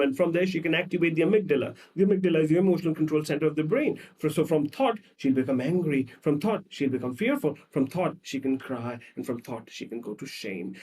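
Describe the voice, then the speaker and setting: A male psychologist explaining ideas through animated storytelling and repetitive lists, acting out short scenes. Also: a little high, distant mic. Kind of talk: explaining with acted examples.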